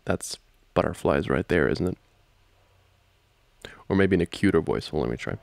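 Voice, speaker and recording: Deep, creaky man in whispered role-play. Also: expressive, moderate pace, dry recording. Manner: soft-spoken, playful, laughs often. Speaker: ASMR boyfriend role-play creator.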